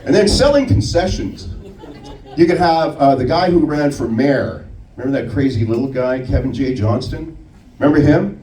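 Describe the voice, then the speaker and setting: A man doing a stand-up comedy set, telling stories with an animated delivery and putting on voices for people in them. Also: mid-range voice, normal speed, some chatter behind. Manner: animated storytelling with put-on voices. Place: comedy club stage. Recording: roomy club sound from a distance.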